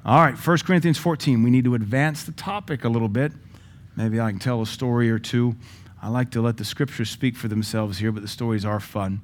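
A male pastor teaching a sermon in a lively, joking way, now and then breaking into praying in tongues. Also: mid-range voice.

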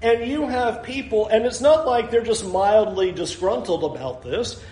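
High-voiced male pastor in echoey room. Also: moderate pace, a little mellow. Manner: conversational, mimics voices of people in the story. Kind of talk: sermon.

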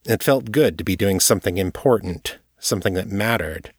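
A man reading his own novel aloud in steady, measured audiobook narration. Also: sits low, husky, dry recording, studio quality.

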